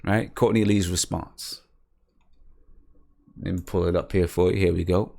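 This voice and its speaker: A man's voice: low voice, fairly even intonation, a little slow, creaky, dark tone. A man hosting a casual live-stream basketball show, thinking aloud and repeating himself as he talks. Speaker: basketball podcast host.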